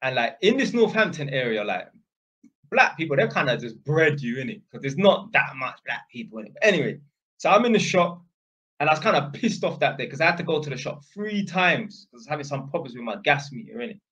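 A man's voice: mid-range voice, very animated, fairly quick, sharp tone, breathy edge. A man vlogging, telling a story in a rambling, slangy way and tagging lines with "innit". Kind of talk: casual storytelling.

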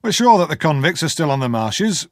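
A brisk army sergeant gives his orders crisply, his voice lifted a little above the narration, as a male reader plays him. The sound is close and dry, and his phrases carry a lively rise and fall. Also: on the high side, no echo, pitched above the performer's own voice. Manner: brisk, sharp.

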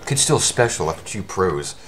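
Exasperated low-voiced man gaming. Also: big pitch swings, moderate pace, fairly bright tone, slight background noise. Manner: exasperated outbursts, talking at the game. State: voice worn from shouting. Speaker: gamer commentating his own speedrun. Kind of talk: live gameplay commentary.

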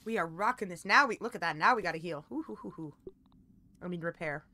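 A woman hosting a co-op gameplay session, playful and excitable, chattering, singing and shouting at the game. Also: lowish voice, fast, noisy background. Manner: playful, excitable, breaks into sing-song and shouts. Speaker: gaming channel host.

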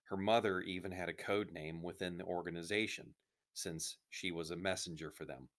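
A man reading a children's novel aloud in a steady, even narration. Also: low voice, normal speed.

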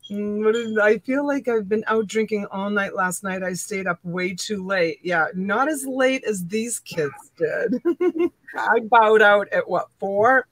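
A woman's voice: medium pitch, measured pace, no echo. A woman in her fifties hosting a casual live-stream auction, greeting viewers by name and calling them honey and sweetheart. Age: 50s. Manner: warm greetings to viewers, laughs often, calls people honey and sweetheart.

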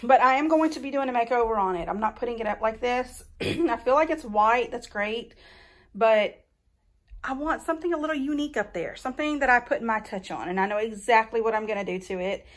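A woman's voice: on the high side, brisk. A young woman, chatting casually to camera at home about her makeover plans. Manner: chatty and folksy, addresses viewers as y'all.

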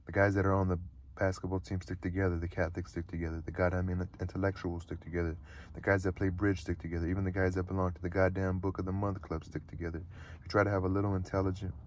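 A man reading the lines of a restless, cynical teenage boy who swears and gripes, rising into excited pleading. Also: low-pitched, quick pace, a little hiss or hum, lightly acted. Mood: griping.

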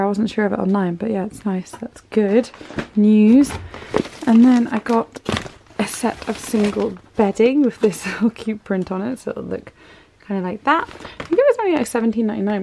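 Gushing British mum with a gravelly voice. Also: female voice, mid-range voice, mellow, slight background noise. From United Kingdom. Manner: chatty, gushing over items. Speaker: parenting vlogger. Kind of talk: casual haul vlog. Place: home, indoors.

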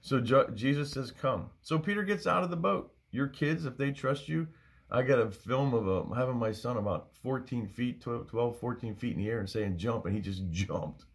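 A man's voice: medium pitch, normal speed, gravelly. A middle-aged man teaching a Bible study in an earnest, conversational way, often repeating phrases for emphasis.

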